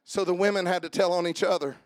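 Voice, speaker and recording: A pastor preaches a sermon, swinging between shouted, rhythmic runs and a lower conversational tone while joking with the congregation. His tone is steady, his pace quick, and there's no room sound.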